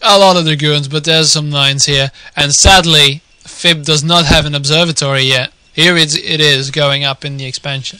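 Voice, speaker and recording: A young man with a Dutch accent casting a video game live, drifting from quiet musing to shouted excitement. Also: a little high, normal speed, hardly any pauses, a little hiss or hum. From Netherlands. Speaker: game caster.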